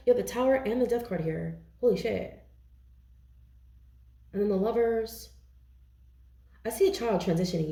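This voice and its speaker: A woman reads tarot in a loose, chatty way, her voice low-toned and mellow with a gravelly edge. She keeps checking in with her listeners as she talks. The sound has a roomy echo around it. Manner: chatty, intuitive, frequent "okay?" check-ins. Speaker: tarot reader. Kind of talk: casual tarot reading to camera.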